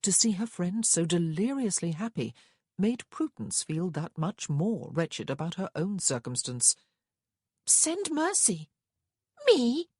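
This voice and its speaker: A woman narrating a historical romance novel in measured storytelling with lively inflection. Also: fairly low pitch, husky, no room sound, studio quality. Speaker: audiobook narrator. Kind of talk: scripted narration.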